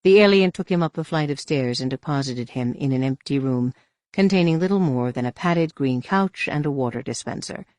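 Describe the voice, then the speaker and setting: Guy reading an audiobook, steady and even, dry close mic. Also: medium pitch, fairly quick, dry recording. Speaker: audiobook narrator. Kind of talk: scripted narration.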